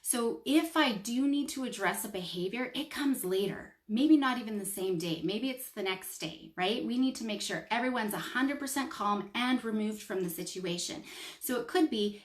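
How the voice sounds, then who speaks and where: A woman's voice: on the high side, animated, moderate pace, echoey room. A woman with a Canadian accent, a child psychologist coaching parents in a casual talk, explaining step by step and checking in with "right?".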